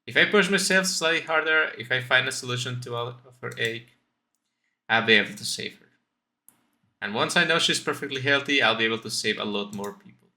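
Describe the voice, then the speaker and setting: Man voicing an eager young student, earnest, devoted, bright tone, raised voice, game dialogue. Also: medium pitch, brisk. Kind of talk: reading game dialogue aloud.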